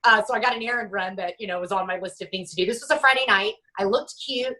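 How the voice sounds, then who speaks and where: Bright-voiced woman in her forties. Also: mid-range voice, poor audio. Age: 40s. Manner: halting, many restarts, lively quoting of others. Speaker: guest author. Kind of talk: candid personal interview.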